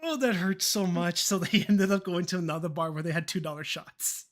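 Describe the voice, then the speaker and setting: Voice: mid-range voice, a little fast. Young adult streamer telling rambling stories. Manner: rambling, laughing, swears, acts out quoted dialogue. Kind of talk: casual storytelling chat.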